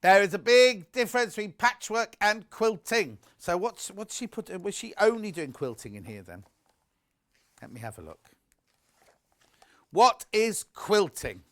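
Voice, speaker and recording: A man's voice: sits high, big pitch swings, a little slow, fairly bright tone. A man presenting a live home shopping broadcast, chatty and gushing, reading out viewer messages as he shows products.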